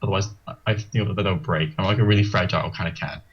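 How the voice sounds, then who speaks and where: A man playing in a tabletop game, describing his cat's actions in a rambling, halting way. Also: low voice, fairly even intonation, husky, lo-fi sound. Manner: rambling, halting, many likes. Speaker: player. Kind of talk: casual tabletop role-play.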